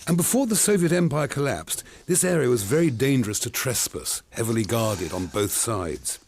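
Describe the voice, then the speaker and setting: A man's voice: mid-range voice, animated, moderate pace, breathy edge. A man hosting a cooking demonstration in an outdoor snow kitchen, bantering theatrically with his crew as he cooks. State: a bit out of breath. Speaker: cooking show host.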